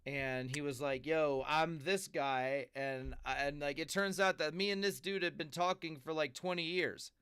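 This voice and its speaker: A man's voice: fairly high pitch, moderate pace, few pauses, sharp tone, smooth, no room sound. A man hosting a podcast, talking in a laid-back, slangy, chatty way. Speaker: podcast host. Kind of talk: casual chat.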